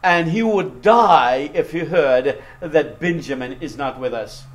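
Desperate grown brothers begging for mercy, as a preacher puts them on. The voice sits fairly high and pleads earnestly. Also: male voice, animated, slow pace. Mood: pleading.

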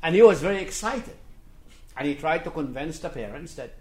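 A man's voice: a little high, lively intonation, brisk. Emphatic male preacher in an echoey room. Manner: swings between quiet and forceful emphasis; repeats key phrases for stress. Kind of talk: sermon.

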